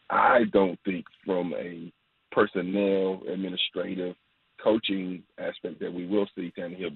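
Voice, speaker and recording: A man calling in to a sports radio show as a guest, talking in a measured, halting way and restarting phrases. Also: low voice, vocal fry, husky, no echo. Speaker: guest analyst on phone. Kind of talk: casual sports radio chat. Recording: tinny phone line.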